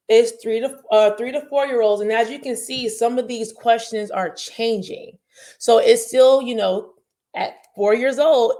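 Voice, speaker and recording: A woman's voice: on the high side, mellow. A young woman who works in early child care, talking casually to parents in a candid, rambling way with many fillers and restarts.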